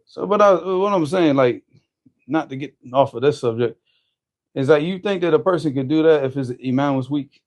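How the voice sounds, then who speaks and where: A man telling a story in casual conversation, animated, often restarting his sentences. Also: a little high, normal speed. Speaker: storyteller guest.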